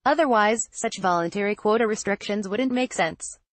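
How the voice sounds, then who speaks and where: A woman narrating a trade-policy newsletter as scripted news, with a measured, even delivery. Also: mid-range voice, no echo.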